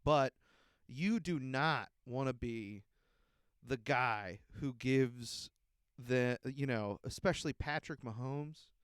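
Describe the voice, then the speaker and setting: A man's voice: medium pitch, takes it slowly, smooth, no echo, clean studio sound. A man hosting a podcast, ranting in a profane, heated and exasperated way. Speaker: podcast host. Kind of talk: casual ranting monologue.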